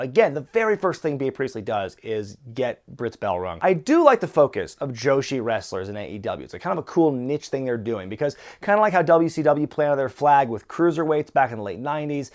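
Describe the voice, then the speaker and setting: A man reviewing wrestling matches in casual, opinionated commentary with frequent fillers. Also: mid-range voice.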